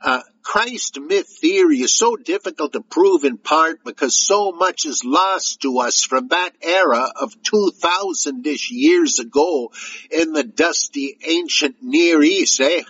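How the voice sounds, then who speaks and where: A man reading a listener's letter in a put-on joking Canadian accent, adding "eh" to his sentences, with a husky voice. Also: fairly high pitch, expressive, measured pace, a bit bright, muffled recording, voice pushed up, heavily acted. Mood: jokey. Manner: tacks on "eh" to sentences.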